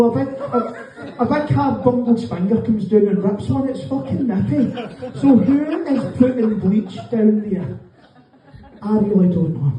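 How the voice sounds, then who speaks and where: Ranting Scottish comic in an echoey club. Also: male voice, high voice. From Scotland. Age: middle-aged. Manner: sweary, ranting, mocking. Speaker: stand-up comedian. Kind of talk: stand-up comedy set. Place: comedy club, live audience. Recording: echoey room, distant mic, dull sound. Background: audience laughter.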